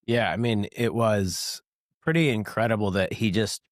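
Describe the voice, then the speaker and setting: Low-voiced man hosting a casual podcast. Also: normal speed, dry recording, clean studio sound. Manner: relaxed, chuckling, many fillers. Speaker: podcast host.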